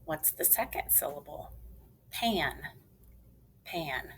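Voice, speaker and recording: A woman teacher talks very slowly and deliberately, sounding out words and spelling them letter by letter for young learners. Her voice sits fairly low, and faint background noise runs under the recording. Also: lively intonation, a bit bright, poor audio. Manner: slow, clearly enunciated, spells letters aloud. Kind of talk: phonics lesson for children.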